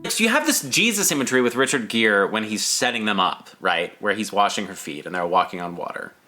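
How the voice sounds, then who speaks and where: A man co-hosting a podcast, chatting casually about a film in an animated way and drawing on his own acting experience. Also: on the low side, quick pace, soft background music. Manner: animated, chatty, slips into playful put-on voices. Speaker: podcast co-host.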